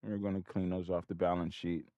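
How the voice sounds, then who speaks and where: A man's voice: low voice, a little fast, dry recording, lo-fi sound. A man streaming his day trading, swearing at himself, lecturing viewers, and muttering to himself between trades. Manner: profane, self-critical, talks to himself; excitable outbursts between mumbled asides. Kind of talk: live trading commentary.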